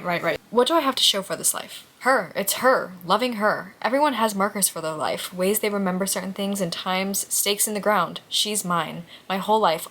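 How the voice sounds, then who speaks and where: This is a young woman recording a cozy reading vlog. She reads passages aloud and reacts in a gushing, chatty, openly emotional way. Her voice sits at an ordinary middle pitch, with a light background hiss on the recording. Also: fairly bright tone. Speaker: book vlogger.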